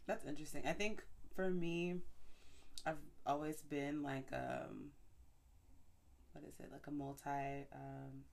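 Low raspy-edged woman, lots of likes and ums, just chatting. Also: fairly even intonation, takes it slowly, pauses often, darkish tone. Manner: chatty, many fillers and likes. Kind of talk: casual chat.

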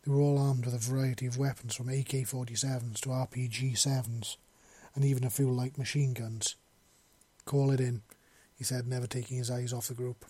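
A man reading a war story aloud, narrating and voicing the dialogue, shouting in the grief scenes. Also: medium pitch, little pitch movement, a little fast, husky, no room sound.

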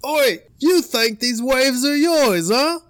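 A man voicing a brash, loudmouthed male Australian surfer with an Australian accent, taunting and swaggering. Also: very high-pitched, animated, drawn-out words, no echo, voice pushed up, exaggerated voice.

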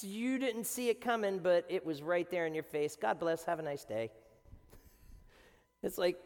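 A man preaching a sermon as a pastor, animated and swinging between quiet and loud. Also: high-pitched, a little fast. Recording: long hall reverb.

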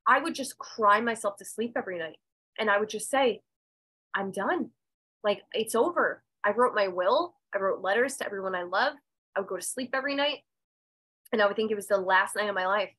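Talking fast in a sharp, mid-range voice, this woman shares her own story on a podcast with raw emotion and plenty of swearing. She's a medium and intuitive, candid and emphatic, her voice falling and climbing; the recording is low quality.

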